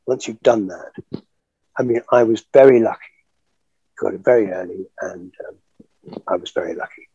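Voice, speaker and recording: Older man, husky and animated. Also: on the low side, normal speed, pauses often, no echo, dull audio. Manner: chatty, animated storyteller, laughs often, many fillers. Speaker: actor guest. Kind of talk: reminiscing interview.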